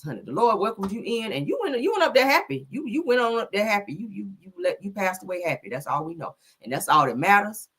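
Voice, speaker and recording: A woman host running gossip commentary on a livestream, her voice bright and a little husky. She talks theatrically, full of cries of Lord, and her pitch rises and falls widely.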